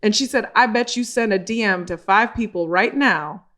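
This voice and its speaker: Her pitch sits in the middle and her pace is normal as she chats as a guest on an easygoing podcast. Animated throughout, she acts out every exchange in character voices and swears casually now and then.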